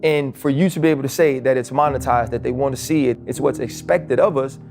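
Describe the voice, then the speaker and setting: A man hosting a podcast interview, asking measured, probing questions. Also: mid-range voice, music in the background. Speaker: interview host.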